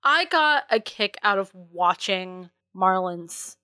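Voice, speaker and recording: A woman's voice: mid-range voice, lively intonation, slow pace, sharp tone, no room sound, clean studio sound. A woman from New England co-hosting a podcast, chatting enthusiastically about a movie. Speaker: podcast co-host. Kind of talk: casual movie discussion chat.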